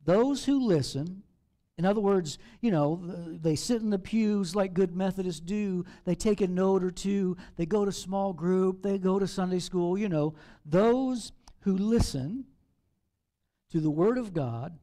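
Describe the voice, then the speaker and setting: A man, a pastor, preaching a sermon in an animated, playful way with acted asides. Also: high-pitched, measured pace. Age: over 40.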